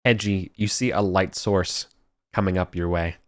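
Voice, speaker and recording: Low-voiced man running a tabletop game. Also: fairly even intonation, no echo, studio quality. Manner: halting, searching for words mid-sentence. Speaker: game master.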